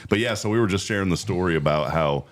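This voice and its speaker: A man hosting a morning radio show, telling stories in quick, animated bursts and laughing often. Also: low voice. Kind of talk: casual radio chat.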